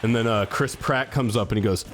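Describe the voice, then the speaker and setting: A man's voice: medium pitch, brisk. A man streaming a fighting game, bantering casually with a friend, joking and swearing, slipping into mock-dramatic voices.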